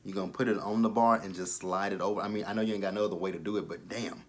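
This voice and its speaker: A man's voice: fairly low pitch, fairly even intonation, racing. A young man casually recapping a TV episode, blunt and profane, with exasperated asides and frequent restarts. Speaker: show recapper.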